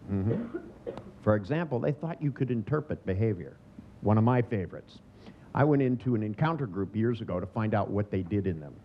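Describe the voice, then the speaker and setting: A man in his sixties giving a humorous seminar lecture, sardonic in tone and acting out the voices he quotes. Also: on the low side. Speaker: seminar trainer. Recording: dull lo-fi recording with faint noise.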